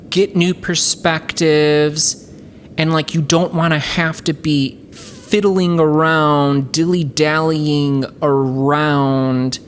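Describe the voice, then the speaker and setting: A woman with a low voice hosts a casual music-software tutorial. She talks chattily and enthusiastically, padding her sentences with fillers. A faint hiss runs under her voice. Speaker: host.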